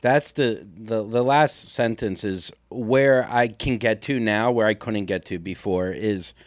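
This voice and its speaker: A man's voice: fairly low pitch, a little slow, dry recording, studio quality. A man co-hosting a podcast, talking candidly in casual chat. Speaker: podcast co-host.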